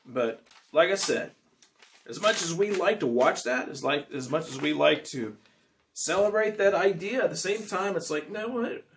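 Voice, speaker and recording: A man's voice: a little high, animated, moderate pace, slight background noise. A man, a singer-songwriter, chatting casually and ramblingly to his audience between songs. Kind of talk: casual chat between songs at a home concert.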